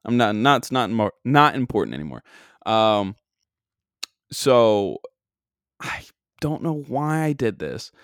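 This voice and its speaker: A man's voice: lowish voice, sing-song, slow, long pauses, clear, resonant tone, no room sound, studio quality. A man from Long Island, rambling casually through a funny story with lots of fillers and self-deprecating asides. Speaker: comedian podcast host.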